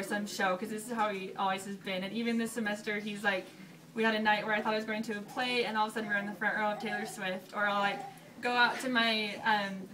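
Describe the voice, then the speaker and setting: A young woman telling a story casually to an audience, bubbly and animated, laughing often. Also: medium pitch, far from the mic, slight background noise. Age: young adult. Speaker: newly engaged college student.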